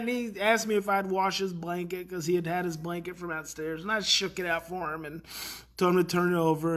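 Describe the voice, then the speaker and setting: A middle-aged man, a parenting educator, tells a story in a casual, animated way and lets his voice rise to act out the kids' outbursts. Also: high voice. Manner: animated, acts out kids' outbursts, many fillers.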